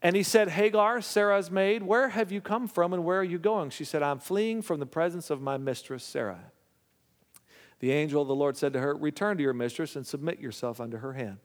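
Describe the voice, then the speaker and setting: A male pastor with a slightly high voice preaches fairly quickly, reading scripture aloud before commenting on it. He frequently checks in with the congregation, and the recording carries a long hall reverb.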